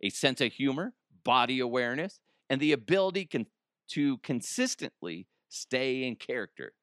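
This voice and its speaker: A man's voice: medium pitch, expressive, normal speed, a bit bright, dry recording, clean studio sound. A man hosting a podcast, ranting in a crude, rambling comedic monologue and often laughing. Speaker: podcast host.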